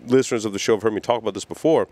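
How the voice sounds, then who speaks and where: A man's voice: on the low side, racing, mellow, no echo. A man hosting a podcast, chatting in a laid-back way with plenty of "like". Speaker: podcast host. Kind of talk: casual chat.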